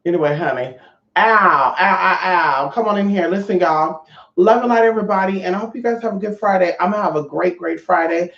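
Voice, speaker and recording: A woman's voice: fairly low pitch, quick pace, vocal fry. A woman vlogger talking to her viewers in a brash, profane, rambling rant. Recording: roomy, dull lo-fi sound.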